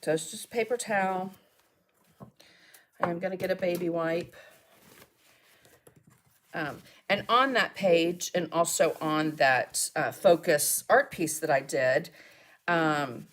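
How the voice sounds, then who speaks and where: A woman's voice: fairly low pitch, slow pace, long pauses. A woman hosting a live mixed media art demonstration, chatting and thinking aloud as she works and answering viewer comments. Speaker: mixed media artist and host.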